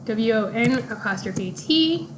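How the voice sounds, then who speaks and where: A woman teacher walking young pupils through their morning work, speaking deliberately and spelling out punctuation marks. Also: fairly high pitch, expressive, background noise. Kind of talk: recorded classroom lesson walkthrough.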